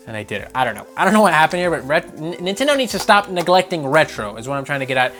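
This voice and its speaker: A young man hosting a casual gaming video, animated and swearing, putting on mocking voices as he rants. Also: fairly high pitch, racing, few pauses, soft background music. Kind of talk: casual opinion rant.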